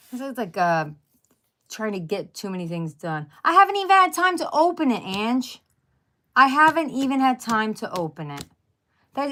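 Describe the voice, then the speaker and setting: A woman's voice: sits low, fairly bright tone. A middle-aged woman hosting a craft livestream, chatting casually with viewers in a rambling way, with blunt, jokey asides and mild swearing. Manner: rambling, chatty, searches for words and restarts.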